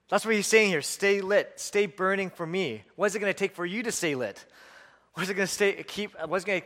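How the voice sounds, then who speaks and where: A man's voice: sits high, a bit bright. Preaching man in a reverberant hall. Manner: emphatic, repetitive lists, chuckles. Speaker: pastor. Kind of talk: sermon.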